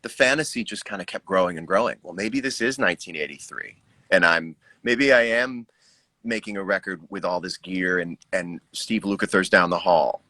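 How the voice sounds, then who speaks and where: An American man in his forties talks through his own record in a loose livestream chat. His voice sounds dry and close, and it carries a bright edge over a low pitch. He moves between reflective points and dry jokes. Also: normal speed, no room sound, poor audio. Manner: relaxed, reflective, joking. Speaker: musician discussing his record. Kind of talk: casual conversation on a livestream. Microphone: video call.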